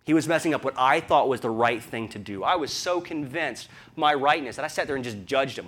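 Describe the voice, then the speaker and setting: A man's voice: a little high, brisk, a bit bright. A man from the American South with a Southern accent, preaching a sermon in a conversational storytelling way, full of rhetorical questions. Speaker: pastor.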